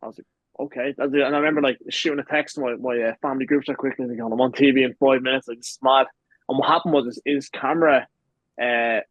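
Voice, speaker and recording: An Irish pro wrestler in his twenties, appearing as a podcast guest, speaks in a medium-pitched voice. He tells long rambling stories and swears freely in casual chat, and the lo-fi recording has no room sound.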